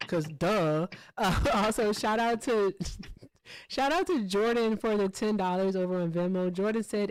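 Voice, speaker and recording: A woman's voice: medium pitch, dry recording. A woman hosting a live political call-in stream, pressing a caller with pointed questions. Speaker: host.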